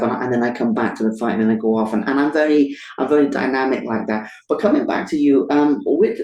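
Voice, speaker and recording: A man's voice: mid-range voice, warm tone, echoey room, far from the mic, poor audio. A man hosting an interview, asking long rambling questions full of fillers. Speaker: podcast host. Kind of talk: casual interview chat.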